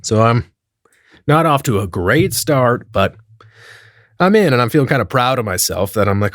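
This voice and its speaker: A man telling a comedic story in a profane, animated way, acting out the dialogue as he goes. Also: medium pitch, moderate pace, pauses often, no room sound, clean studio sound.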